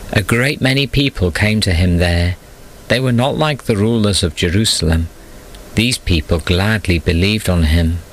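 A man narrating a Bible story for children in a calm, measured reading voice. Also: low voice, slight background noise, poor audio.

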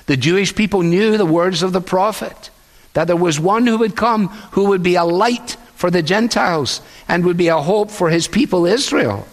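A man preaching a sermon in an earnest, measured way, often quoting others. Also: sits high, in a large hall. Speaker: pastor.

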